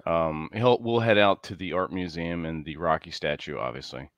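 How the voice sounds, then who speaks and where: A man's voice: deep voice, moderate pace, fairly bright tone, no room sound. A man co-hosting a casual podcast chat, rambling and laughing as he talks through plans. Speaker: co-host.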